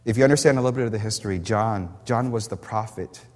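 Preaching in a church sanctuary, a pastor with a fairly low voice talks fast, impassioned and emphatic, repeating words as he builds each point. Echoey hall reverb fills the recording.

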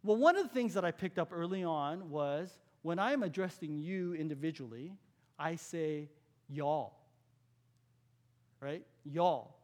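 Conversational pastor preaching. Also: male voice, on the high side, moderate pace. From California. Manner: conversational, asks the audience questions, drops to a hush for key points. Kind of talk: sermon.

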